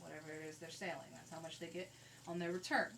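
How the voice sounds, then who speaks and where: A woman's voice: low-pitched, level tone, fast talker, vocal fry, far from the mic. Woman teaching math, slightly off-mic. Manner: conversational, walks through calculator steps. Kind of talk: recorded classroom lecture. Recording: faint noise, voice a bit off-mic.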